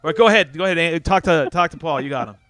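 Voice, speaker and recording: A man's voice: on the high side, very fast, fairly bright tone, no room sound. A man hosting a casual live call-in show, joking around, swearing and teasing his callers. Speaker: podcast host.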